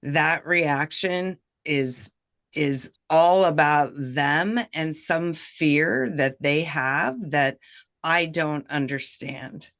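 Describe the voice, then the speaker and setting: A woman who works as a professional negotiator, a guest on a video-call chat, speaking in a measured, reflective way and checking in often with "right?". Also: low-pitched, a bit bright. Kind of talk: casual chat, giving advice.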